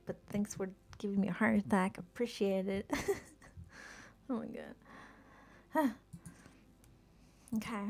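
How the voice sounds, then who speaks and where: A woman's voice: mid-range voice, very animated, extremely slow, vocal fry, long pauses, a little mellow. A young woman streaming herself playing a game, chatting casually and often laughing and muttering to herself. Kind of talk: casual live-stream commentary while playing.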